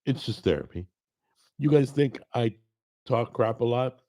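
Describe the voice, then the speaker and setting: A middle-aged man hosting a cooking show, chatting casually at his desk microphone, with a gravelly, strained voice from a paralyzed vocal cord, rambling and self-deprecating. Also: mid-range voice, expressive, unhurried, dark tone. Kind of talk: casual chat to camera. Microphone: desk microphone recorded over a video call.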